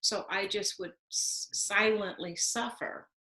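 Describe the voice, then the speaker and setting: A woman hosting a conversation over a video call, telling personal stories in an animated, emphatic way. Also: mid-range voice, takes it slowly, rough recording. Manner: animated storyteller, warm and emphatic. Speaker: host. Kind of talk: conversational interview.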